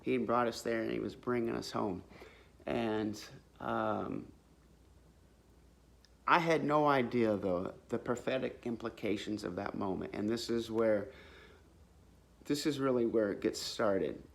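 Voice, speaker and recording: With a gravelly, low-leaning voice, a man speaks a little slowly and takes long pauses while giving a vlog testimony. His faith story is casual, earnest, and rambling, filled with religious wording, fillers, and false starts.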